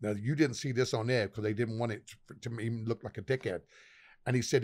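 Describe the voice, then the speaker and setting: Middle-aged guy telling wild stories on a podcast, cusses a ton, acts out what everyone said, mid-pitched voice. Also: fairly quick. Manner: animated, swears constantly, acts out dialogue. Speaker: guest, pub owner. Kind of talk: casual storytelling.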